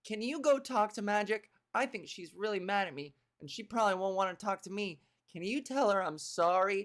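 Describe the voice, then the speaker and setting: A woman's voice: medium pitch, expressive, brisk, natural voice. A woman voicing an anxious, apologetic young superhero friend, worried and pleading.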